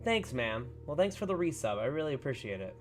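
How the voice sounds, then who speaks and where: A chatty man streaming from his home, speaking at a middle pitch and greeting his viewers by name. He talks loosely and casually, breaking off now and then to fuss over his dogs. Soft music plays faintly behind him. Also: big pitch swings, fairly quick. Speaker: livestreaming gamer. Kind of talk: casual livestream chat.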